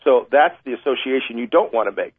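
Husky-voiced guy calling in, explains dog stuff with homey examples, thin phone sound. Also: medium pitch, lively intonation, fast, dry recording. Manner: chatty, self-deprecating, acts out little scenes. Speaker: dog trainer and author guest. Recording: tinny dry phone line.

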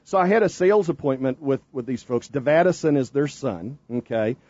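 A man's voice: medium pitch, animated, a little fast, darkish tone, no room sound, highs cut off. A man with a Southern US accent hosting a joking morning radio show, rambling, stumbling and repeating his words.

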